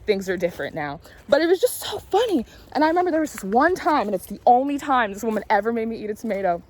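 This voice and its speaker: Chatty late-20s woman, rather high voice. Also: very animated, quick pace, a little mellow. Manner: candid, rambling and confiding, swears casually; talks while walking. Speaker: tarot reader and spiritual vlogger. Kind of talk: casual storytelling vlog.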